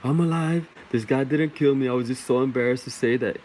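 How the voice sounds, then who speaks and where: A man's voice: medium pitch, fairly quick, darkish tone, a little hiss or hum, voice pushed up, close to an everyday voice. A man voicing an embarrassed, gushing young woman who talks breathlessly. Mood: flustered.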